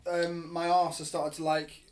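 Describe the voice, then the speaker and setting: A man's voice: fairly high pitch, level tone, a little slow, darkish tone, slight background noise. A young man with a Nottingham accent, a playful guest in a casual comedy chat. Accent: Nottingham English. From Nottingham, England.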